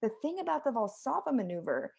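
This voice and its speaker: Animated woman coaching on a podcast. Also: fairly high pitch, quick pace, creaky, husky. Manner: animated, emphatic, acts out quotes. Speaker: podcast co-host and fitness coach. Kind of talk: casual health podcast chat. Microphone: close studio mic, audible breathing.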